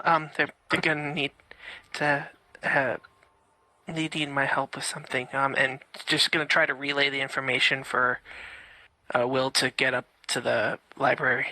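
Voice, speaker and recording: Slow, halting tabletop player. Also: medium pitch, sharp tone, dry recording, low-quality recording. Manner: halting, with fillers and small laughs. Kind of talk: casual tabletop play.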